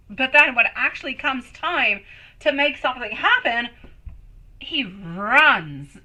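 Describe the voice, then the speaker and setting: A woman's voice: a little high, poor audio. A woman giving a live-stream tarot reading, affectionate and emotive, calling viewers sweetie and my love. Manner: emotive, swings between excited and soft. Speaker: tarot reader.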